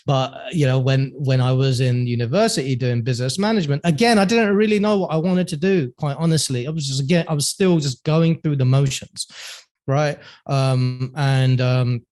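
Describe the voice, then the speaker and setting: A man's voice: mid-range voice, moderate pace, darkish tone. Chatty man. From London, England. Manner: chatty, laughs often, many fillers. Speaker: podcast guest. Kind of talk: casual interview storytelling.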